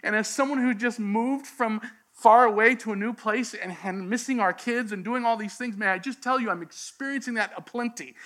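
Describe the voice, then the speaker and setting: A middle-aged man preaching a sermon as pastor, telling stories with humor and shifting from hushed to emphatic. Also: sits high. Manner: animated storytelling with humor.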